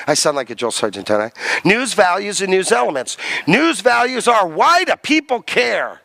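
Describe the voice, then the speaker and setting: A man's voice: high voice, sing-song, moderate pace, creaky, bright, forceful tone, no room sound. A man lecturing a college class, emphatic, quizzing students and repeating key terms.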